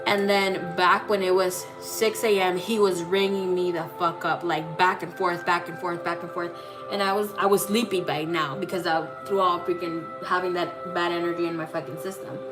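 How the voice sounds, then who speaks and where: Woman vlogger, blunt and profane, replays conversations as she tells them; music bed clearly audible. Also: fairly low pitch, steady tone, normal speed. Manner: blunt, profane, retells dialogue animatedly. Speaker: psychic tarot reader. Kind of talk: candid personal storytelling. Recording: clear music playing under voice.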